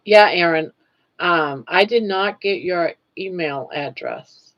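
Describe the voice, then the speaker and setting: A woman's voice: on the low side, slow, muffled recording. A woman in her sixties hosting a casual live stream, chatting and laughing as she reads out comments. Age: 60s. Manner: chatty, laughs often, playful about pronunciation.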